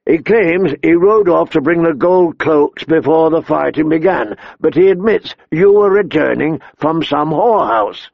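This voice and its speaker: A gruff, hard-drinking king who barks his orders, voiced higher than the reader's own tone, as a man puts him on. The voice carries a gravelly edge. It comes through a dull, dry lo-fi recording. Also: expressive, a little slow, few pauses, dry recording, exaggerated voice. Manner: blustering, barking commands. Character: gruff, hard-drinking middle-aged king, quick to roar.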